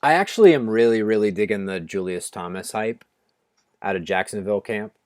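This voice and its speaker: Low-voiced man chatting fantasy picks. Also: fairly quick, a little mellow, no echo, clean studio sound. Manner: rambling, restarts, says "like" a lot. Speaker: fantasy football co-host. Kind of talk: casual draft chat. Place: home, on a video call.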